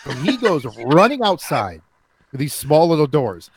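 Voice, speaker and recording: A man tells a rowdy story on a podcast, swearing freely and acting out each person in it. His voice sits a bit high and swings widely as he goes. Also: sing-song, a little slow, crowd noise. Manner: swears a lot, acts out other people's voices in story. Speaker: podcast co-host. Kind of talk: animated storytelling, casual chat.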